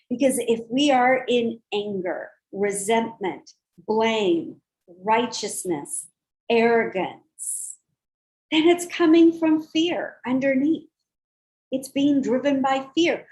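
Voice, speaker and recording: High-voiced, slow-speaking woman minister. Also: poor audio. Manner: animated storytelling with quoted dialogue. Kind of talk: sermon. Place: church service.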